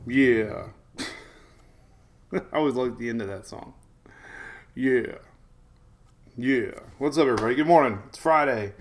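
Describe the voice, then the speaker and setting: A man's voice: medium pitch, takes it slowly, long pauses. Chatty man hosting a morning live stream. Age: 40s. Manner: chatty, rambling, shouts out to viewers and talks to his dogs. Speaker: weather streamer host. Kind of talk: casual live-stream chat. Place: home in Florida.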